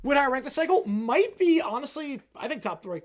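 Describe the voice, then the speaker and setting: A man's voice: very high-pitched, sing-song, brisk. A man hosting a livestream, chatting loosely, joking, and answering viewers' questions. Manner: rambling, joking, answers chat. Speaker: livestream host. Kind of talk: casual livestream chat.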